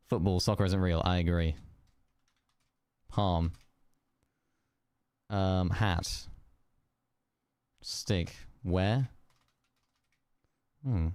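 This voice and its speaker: Young male streamer, unhurried and lowish, trying single-word guesses. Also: darkish tone, clean tone, no echo. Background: keyboard clicks and typing.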